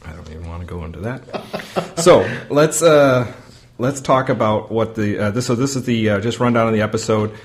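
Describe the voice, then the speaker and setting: A man's voice: fairly low pitch, moderate pace. A man co-hosting a podcast in casual chat, rambling with lots of fillers and ready laughs. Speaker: podcast co-host.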